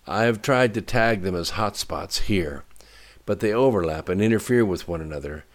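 A man voicing a tense military technician who reports in a quick, clipped way. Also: sits low, lively intonation, pitched above the performer's own voice. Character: tense male military technician at his screen.

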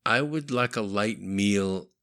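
A man's voice: lowish voice, slow, fairly bright tone. A man reading a story, voicing a tired Russian man with a Russian accent, blunt and weary. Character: tired middle-aged Russian man traveling alone.

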